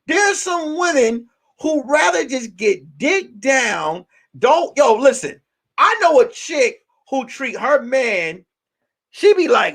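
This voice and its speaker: A man hosting as a comedian, ranting in a casual, profane, animated way and circling back to repeat his points. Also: very high voice, slow. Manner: animated, profane, repetitive storytelling. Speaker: comedian host. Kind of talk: casual live-stream rant.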